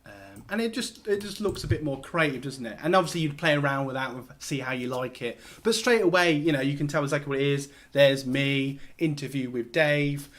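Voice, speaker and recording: A man's voice: medium pitch, lively intonation, fairly quick, few pauses, a bit bright. A man hosting a casual screen-share tutorial, talking loosely with lots of fillers and restarts as he works. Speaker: host.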